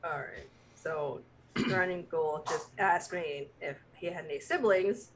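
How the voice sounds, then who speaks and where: Low-voiced woman player, casual. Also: unhurried, a little hiss or hum, low-quality recording. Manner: casual, describing her character's actions. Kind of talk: tabletop game play.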